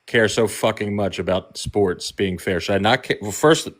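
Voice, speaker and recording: A man in his thirties calling into a debate stream, calm and measured, asking to keep the talk going. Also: fairly low pitch. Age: 30s. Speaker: caller.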